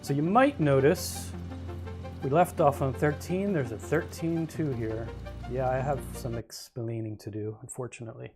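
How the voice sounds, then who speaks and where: A relaxed man talking through a game livestream, easygoing and a bit rambling. His pitch sits at an ordinary middle level, and faint music plays behind him. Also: measured pace. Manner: easygoing, rambling, chuckles to himself. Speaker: game streamer. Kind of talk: casual livestream chat while gaming.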